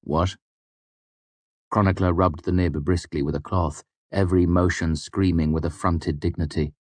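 A man narrating an audiobook chapter in a measured, even storytelling manner. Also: sits low, no echo.

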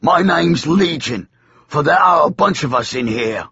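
A man's voice: on the high side, expressive, measured pace, creaky, pushed and bright, husky, dry recording, dull audio, pitched above the performer's own voice, exaggerated voice. A man voicing a huge demon-possessed madman in an audiobook, bellowing threats and turning sly and mocking. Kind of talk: audiobook character voice.

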